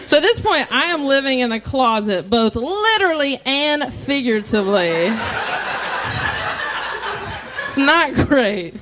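High-voiced woman doing stand-up. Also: a little slow, pauses often, noisy background. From American South. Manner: animated storytelling, lots of "like", shouty acted-out asides. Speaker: stand-up comedian. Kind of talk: stand-up comedy set.

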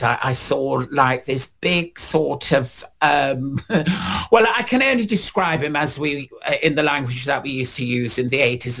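A middle-aged man being interviewed, telling long rambling stories with many fillers and lively quoted voices. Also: medium pitch. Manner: slow, rambling, many fillers, animated when quoting others. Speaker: interviewee, singer. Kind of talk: casual interview storytelling.

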